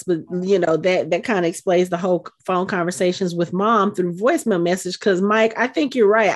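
Chatty woman podcast co-host. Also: fairly low pitch. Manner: chatty, animated, thinks out loud. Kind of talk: casual chat.

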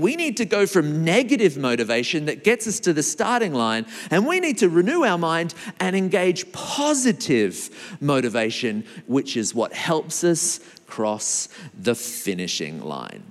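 A man preaching a sermon as pastor, lively and animated, with big swings in his delivery. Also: on the high side, a little slow. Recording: long hall reverb.

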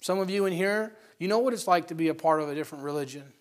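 Fervent male preacher, higher-pitched voice. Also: fast talker. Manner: storytelling, builds to fervent near-shouting. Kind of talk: sermon. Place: church.

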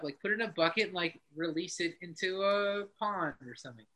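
A man's voice: high-pitched, brisk, sharp tone. An American man, a guest telling a story in a casual interview, swearing often and laughing between lines. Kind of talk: casual video-call interview.

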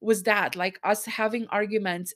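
A woman hosting a podcast, venting to her listeners in a personal monologue. She sounds angry and worked up, frustrated, and talks in bursts with quick asides. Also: mid-range voice, fairly even intonation, a bit bright. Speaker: podcast host.

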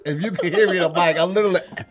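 A man playing a word game with a friend, joking around and sounding out hard words slowly. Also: high voice, loud music behind the voice. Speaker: game show contestant and host. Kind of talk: casual banter on a word game.

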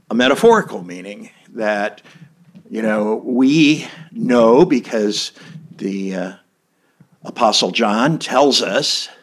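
A middle-aged man preaching a sermon in a folksy, conversational way, with an easy joke and many small fillers. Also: mid-range voice. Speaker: pastor.

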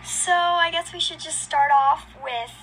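A young woman hosting a homemade podcast in a playful, giggly chat. Her voice sits high and sounds bright. A faint hiss runs underneath. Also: unhurried, poor audio. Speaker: podcast co-host. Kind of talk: casual chat.

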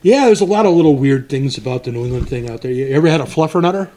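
A man's voice: mid-range voice, animated, racing, warm tone. Profane joking middle-aged man. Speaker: podcast co-host. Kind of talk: casual chat.

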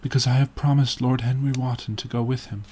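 A man reading the part of a naive young gentleman in an audiobook, in an eager, soft, youthful way. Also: mid-range voice, flat delivery, fairly quick, a little hiss or hum, lightly acted.

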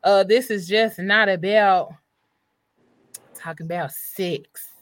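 A woman's voice: medium pitch, slow, dry recording. A woman hosting a casual live-streamed talk show over a video call, playful and chatty with plenty of slang. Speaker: host.

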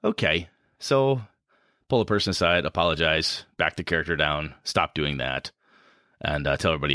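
A man's voice: very deep voice, moderate pace, pushed and bright, dry recording, clean studio sound. A man talking casually on a podcast about running tabletop games, rambling and self-deprecating.

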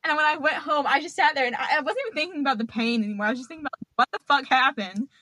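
A woman's voice: sits high, very fast, no echo, poor audio. A young woman, a podcast guest, telling a childhood story in casual chat, swearing and laughing as she goes. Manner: profane, laughing, animated storyteller.

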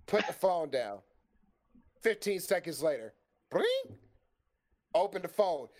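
A man's voice: sits high, unhurried. A man telling a long story in a casual chat, cursing freely and acting out the lines of the people in it. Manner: animated, profane, acts out quoted dialogue.

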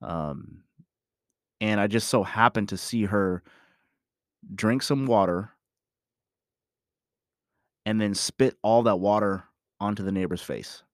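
Slow and full of long pauses, a lowish male voice works through a personal story about his family. The parent rambles, swears frequently, and punctuates with "you know" as he makes emphatic points, recorded at studio quality with no echo.

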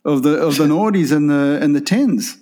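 A man's voice: on the high side, normal speed, warm tone. A man co-hosting a casual podcast, blunt and crude with dry one-liners. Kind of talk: casual chat.

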